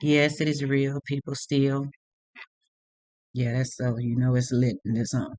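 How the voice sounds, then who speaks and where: A woman's voice: extremely low pitch, completely flat delivery, a little slow, a little mellow, dry recording. A woman tarot reader delivering an unscripted rant to her viewers, blunt and heavily profane, laughing now and then at her own points.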